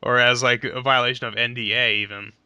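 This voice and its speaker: A man's voice: medium pitch, level tone, brisk, sharp tone, clear, resonant tone, no room sound. A young man hosting a casual gaming podcast, laughing often and talking with enthusiasm. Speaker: podcast host.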